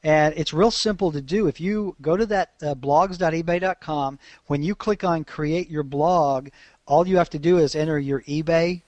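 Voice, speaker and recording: A man talks through a casual podcast as co-host, chatty and quick to laugh. His voice sits a little high for a man. The sound is dry and close, with no room around it. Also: a little mellow, dry recording. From Alabama. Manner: chatty, laughs often, frequent restarts.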